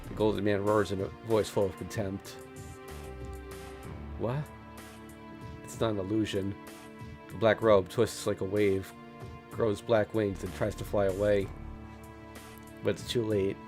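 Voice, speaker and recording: A low-voiced man narrates a visual novel on stream, reading steadily and tripping over a word now and then. Soft music plays faintly behind him. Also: unhurried, pauses often. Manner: steady narration with small stumbles and laughs.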